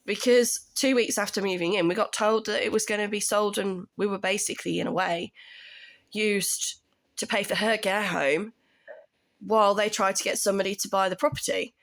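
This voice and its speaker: Indignant woman ranting, creaky voice. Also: mid-range voice, steady tone, moderate pace. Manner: indignant, builds to raised exasperation. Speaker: tenant telling her story. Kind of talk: casual personal rant.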